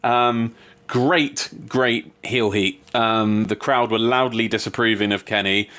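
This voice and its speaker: A man co-hosting a podcast, chatting casually about wrestling, often laughing with sudden jumps in pitch. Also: steady tone, slow pace, pushed and bright. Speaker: podcast co-host. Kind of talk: casual wrestling review chat.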